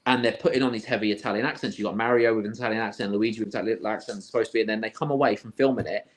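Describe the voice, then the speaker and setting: A man's voice: fairly low pitch, fairly even intonation, racing. A man, co-hosting a casual film podcast and rambling as he thinks aloud. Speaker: podcast co-host. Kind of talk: casual film-review chat.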